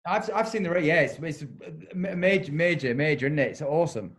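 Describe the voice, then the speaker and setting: Host: man, easygoing and agreeable, pitch a little high. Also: a little fast, a bit bright. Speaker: podcast host. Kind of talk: casual chat.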